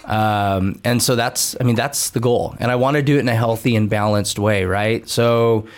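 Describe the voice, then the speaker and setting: A man's voice: mid-range voice, steady tone, normal speed. A man in his thirties, a coach talking as a guest in a podcast interview, earnest and reflective, often restarting his sentences.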